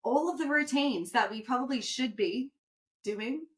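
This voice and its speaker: A woman co-hosting a podcast in casual chat, giggly, animated and swearing freely. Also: high voice, normal speed. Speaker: podcast co-host.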